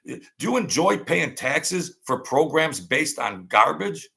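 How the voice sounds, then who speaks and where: A man's voice: fairly high pitch, big pitch swings, slow, creaky, pushed and bright. A man hosting his own channel, delivering combative, sarcastic political commentary and repeating lines for emphasis.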